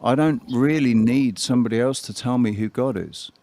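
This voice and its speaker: A man's voice: mid-range voice, mellow, no room sound. Host, male, reflective and rambling, dry close mic. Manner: reflective, meandering, drawn-out phrasing. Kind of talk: casual chat.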